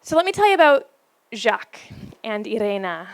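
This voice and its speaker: A woman giving a storytelling talk to a live audience about relationships, playful and laughing often, with dramatic pauses. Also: mid-range voice, sing-song, no room sound.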